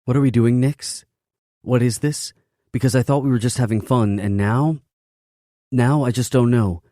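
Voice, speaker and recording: A man voicing a sharp-tongued young woman. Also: fast talker, dry recording, clean studio sound, lightly acted. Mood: demanding. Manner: pitched up, loud and pushing back.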